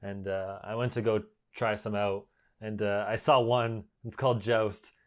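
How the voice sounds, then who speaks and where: A man hosting a podcast in casual chat, relaxed and giggly, steering the talk from topic to topic. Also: lowish voice, unhurried. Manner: laughs often, relaxed, steers the conversation. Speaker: podcast host.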